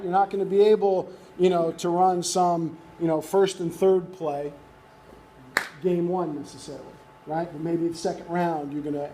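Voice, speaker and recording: A man's voice: sits high, dark tone. A man giving a coaching workshop talk, conversational, constantly checking in with "right?". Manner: conversational, keeps asking "right?". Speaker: youth baseball coaching instructor.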